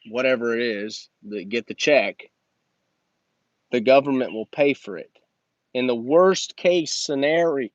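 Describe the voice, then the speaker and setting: A man's voice: mid-range voice, dry recording. Blunt, preachy man on a dull recording. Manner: blunt, emphatic, preachy, calls listeners "man". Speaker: host, motivational coach. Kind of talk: motivational monologue.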